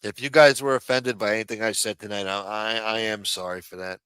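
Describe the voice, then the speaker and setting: A man's voice: lowish voice, steady tone, brisk, a bit bright, clear, resonant tone, no room sound. A man hosting a livestream, delivering a heated, profane rant with lots of repetition. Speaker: livestream host. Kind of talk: profane political rant on a stream.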